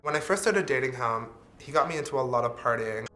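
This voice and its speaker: A man's voice: mid-range voice, lively intonation, fast talker, loud music behind the voice. A man speaking in a candid, earnest confessional vlog, dropping the odd swear word. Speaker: vlogger.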